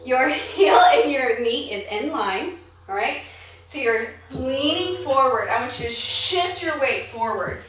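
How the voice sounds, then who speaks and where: A woman leading a live-streamed yoga class, out of breath, giving brisk cues and counting down the holds. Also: sits high, expressive, fairly bright tone. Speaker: fitness instructor. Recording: echoey room, far from the mic, music behind. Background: workout music.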